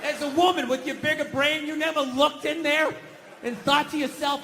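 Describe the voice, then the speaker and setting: A man's voice: very high-pitched, steady tone, normal speed, big-room sound. Man, stand-up comedian, ranting, mocking, noisy live recording. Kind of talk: stand-up routine. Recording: live show with background noise.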